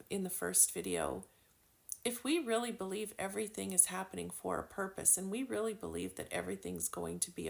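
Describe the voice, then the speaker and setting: A woman with a gravelly, medium-pitched voice leads a laid-back spiritual lesson using oracle cards. She's chatty, leans heavily on filler words, and swears occasionally.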